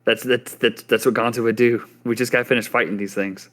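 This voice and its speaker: A man playing a tabletop game, chatty and excitable, swearing when things go wrong. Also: mid-range voice, a little fast. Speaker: player. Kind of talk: casual tabletop play.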